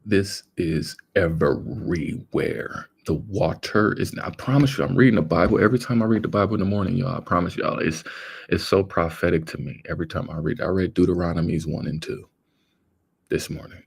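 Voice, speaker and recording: A man's voice: sits low, brisk, vocal fry, breathy edge. A young man, hosting a casual livestream and talking earnestly and rambling to his viewers. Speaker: livestream host.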